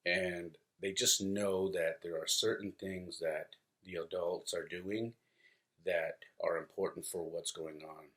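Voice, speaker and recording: A man in his forties with a very low voice hosts his own podcast. He talks loosely and at length, trailing off into fillers and starting sentences over as he goes. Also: steady tone, unhurried, a bit bright. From California. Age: 40s. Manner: rambling, conversational, many fillers and restarts. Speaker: podcast host. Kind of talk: casual solo podcast monologue.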